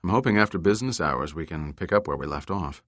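A man's voice: sits low, animated, fast, a bit bright, no room sound. A man voicing an adult woman TV journalist in an audiobook, speaking in a dry, slightly scornful way.

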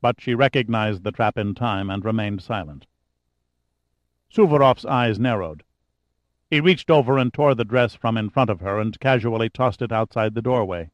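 A man reading a novel aloud in steady, measured scripted narration. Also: fairly low pitch, no echo. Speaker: audiobook narrator. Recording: dry, slightly dull audiobook recording.

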